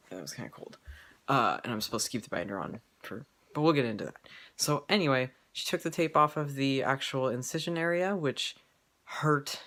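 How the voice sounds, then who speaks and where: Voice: medium pitch, a bit bright. A vlogger talking casually at home in an update video, rambling with lots of fillers and restarts and giggling often.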